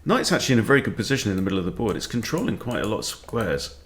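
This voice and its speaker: A man's voice: lowish voice, sing-song, very fast, fairly bright tone, slight background noise. A man who coaches chess, thinking aloud and muttering his moves as he plays a live game at his computer.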